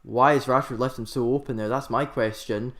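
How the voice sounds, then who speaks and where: A man commentating a football match live for his own channel. He is excitable and rambling and keeps correcting himself mid-sentence. His voice sits at an everyday middle pitch. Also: fairly quick. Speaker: host of a live football watchalong.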